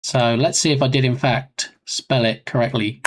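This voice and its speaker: A man's voice: mid-range voice, steady tone, normal speed, a little hiss or hum. Rambling, self-mocking male game dev streamer. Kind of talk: casual live-stream chat.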